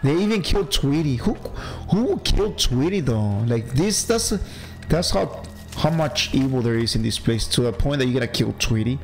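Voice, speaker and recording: A man's voice: mid-range voice, expressive, moderate pace, rough recording. A man with a heavy accent chats his way through a playthrough as a gaming channel host. He talks casually and laughs at himself, with faint game music underneath. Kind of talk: casual let's-play commentary.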